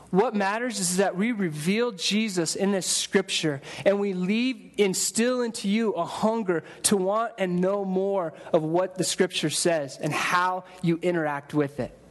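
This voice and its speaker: Pastor, male, higher voice, chatty sermon delivery with restarts. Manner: conversational preaching with repeated restarts and acted-out quotes. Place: church sanctuary.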